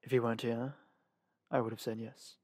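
A man's voice: medium pitch, little pitch movement, moderate pace, a little mellow, no echo, lightly acted. A man reading the lines of a reserved young male guard captain with a dry manner. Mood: reasoning.

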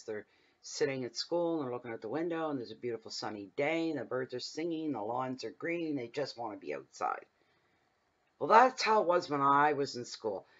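A man doing a casual tarot reading from his home at night, rambling and chatty as he drifts off into side stories. His voice sits at an everyday middle pitch, and the recording sounds a bit dull and lo-fi. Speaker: tarot reader. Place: home room at night, windows open.

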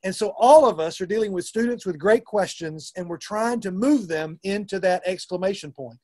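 A man's voice: high-pitched, moderate pace, a little mellow. A middle-aged man with a Southern US accent, a youth minister giving an earnest, conversational talk to fellow ministers with frequent restarts.

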